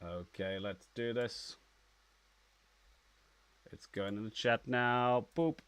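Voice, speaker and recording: A man's voice: mid-range voice, slow, pauses often, a bit bright, clear, resonant tone. A man hosting a casual live stream, rambling and repeating words as he announces giveaways. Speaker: livestream host.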